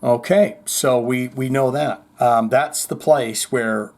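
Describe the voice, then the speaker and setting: A man's voice: medium pitch, slow pace, a little mellow. A man hosting a heavy metal news show, casually chatting and reading viewer comments in a blunt, sarcastic way with some swearing.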